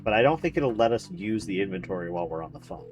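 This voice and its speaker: A man's voice: on the low side, expressive, fast talker, over music. A man streaming a video game, rambling and joking with casual commentary, swearing and laughing often. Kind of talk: casual let's-play commentary.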